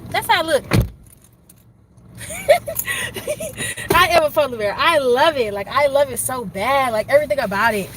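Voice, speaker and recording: A young woman chatting excitedly and rambling on a phone livestream, standing outdoors in the snow by her car and talking straight to her viewers. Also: high-pitched, fast talker, few pauses, background noise. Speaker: livestream host. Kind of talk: casual livestream chat.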